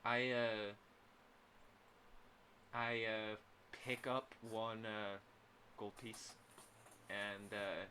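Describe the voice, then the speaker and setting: A man's voice: fairly low pitch, level tone, drawn-out words, pauses often. Young male player, hesitant and rambling, full of ums and restarts, with a light hiss behind him. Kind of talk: casual tabletop role-play.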